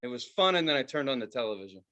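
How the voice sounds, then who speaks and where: Speaking very fast in a mid-range voice, a U.S. man co-hosting a podcast launches into a casual rant laced with swearing. He animatedly mock-quotes advertisers, his voice rising, and the audio sounds dull.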